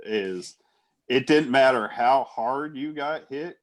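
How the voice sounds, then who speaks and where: A man talks in a mid-pitched voice, easygoing and conversational. He restarts sentences often and laughs easily as he reminisces. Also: takes it slowly. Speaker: podcast co-host. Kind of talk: casual chat.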